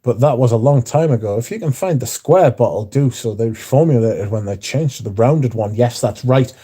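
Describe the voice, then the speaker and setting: A man's voice: medium pitch, lively intonation, moderate pace, mellow, breathy edge. A man hosting a casual livestream, reading out chat messages in a blunt, mouthy way with frequent swearing. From not American. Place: bar, windy.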